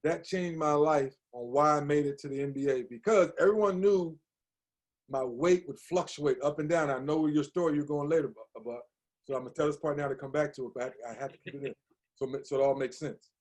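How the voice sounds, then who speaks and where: A man in his fifties from Maryland, a podcast guest telling stories in a lively, slangy way and acting out what others said. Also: fairly high pitch, brisk. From Hagerstown, Maryland, USA. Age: 50s. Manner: animated, slangy, acts out quoted voices. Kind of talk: conversational storytelling.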